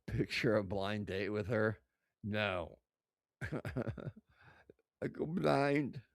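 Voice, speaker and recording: Brief: slow-talking man live-streaming, profane and chatty, close dry desk mic. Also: lowish voice, expressive, creaky, no echo. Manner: profane, rambling, laughing asides. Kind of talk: casual live-stream commentary.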